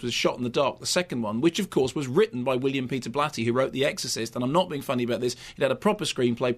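A man reviewing a film on a radio show, talking fast and rambling with many restarts. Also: mid-range voice. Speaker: film critic.

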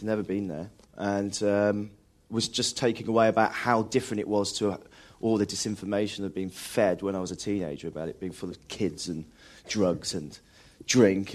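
A man's voice: fairly low pitch, darkish tone. A man, an actor, talking in a live radio interview and often restarting while searching for words. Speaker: actor, studio guest. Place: live radio broadcast at a film festival.

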